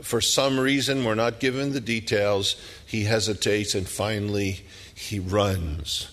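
A middle-aged man preaching a sermon, telling the story dramatically and dropping at times to hushed whispers. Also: fairly low pitch, steady tone, unhurried, in a large hall.

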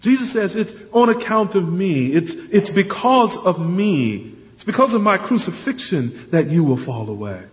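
A man preaches an earnest, emphatic sermon, often repeating words to drive his point home. His voice sits high with big pitch swings at a normal speed, and the lo-fi recording sounds dull with long hall reverb.

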